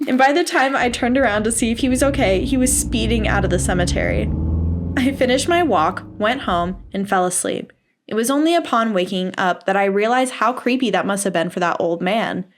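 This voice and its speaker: A young woman co-hosts a podcast in easy, casual chat. She reacts dramatically and laughs often. Her voice sits slightly higher than most. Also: lively intonation, a little fast. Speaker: podcast co-host. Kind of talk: casual chat, reading stories aloud.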